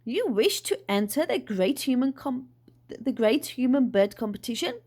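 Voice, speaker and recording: A woman voicing a brisk, officious little chubby man with a clipboard, who booms his questions and announcements. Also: big pitch swings, a little mellow, husky, exaggerated voice.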